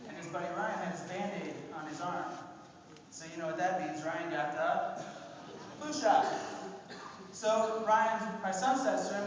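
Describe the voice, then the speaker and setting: Guy preaching hard to a crowd, high voice, big echoey hall from far off. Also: a little slow, a little hiss or hum. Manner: preaching, rhetorical questions to the audience. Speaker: speaker at an event. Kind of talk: impassioned public talk. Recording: echoey hall, distant mic.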